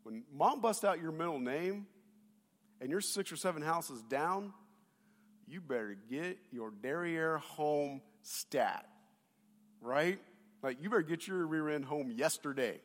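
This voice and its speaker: A man preaching a sermon to his congregation on a lapel mic, telling stories in an animated way and speaking straight to the people in front of him. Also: fairly high pitch, unhurried. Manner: animated storytelling, addresses the congregation directly. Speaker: pastor. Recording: long reverb of a big hall.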